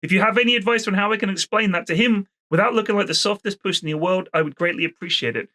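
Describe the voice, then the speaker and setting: A man co-hosting a casual podcast, reading listener mail aloud with a playful, emphatic delivery. His voice sits a little high and sounds bright and forward. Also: racing. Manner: animated, reads letters aloud with comic emphasis.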